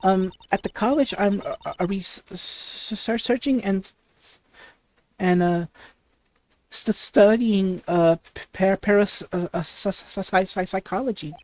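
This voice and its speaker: A woman voicing a ditzy young valley-girl woman, halting and stuttering through her lines full of fillers. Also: mid-range voice, darkish tone, no room sound, natural voice. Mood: airheaded. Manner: halting reading with stutters and restarts.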